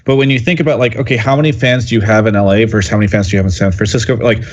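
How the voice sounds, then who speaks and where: A man's voice: lowish voice, fairly even intonation, racing. A male journalist on a podcast panel, reasoning at length with many fillers, over an online call mic. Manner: talkative, filler-heavy reasoning. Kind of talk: casual panel discussion. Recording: slightly lo-fi audio.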